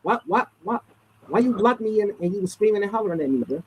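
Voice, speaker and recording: A man's voice: high voice, lively intonation, fast, slightly rough, dry recording, rough recording. A man hosting a livestream panel, insistently repeating his questions and cutting in. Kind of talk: heated livestream panel argument.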